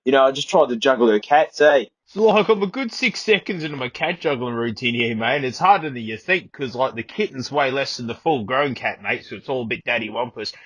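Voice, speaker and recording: A man's voice: mid-range voice, expressive, brisk, a bit bright, husky, no echo, muffled recording, voice pushed down. A man putting on a laid-back young Australian bloke who drawls and says mate constantly while telling a yarn, heard through an earbud microphone. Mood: rambling.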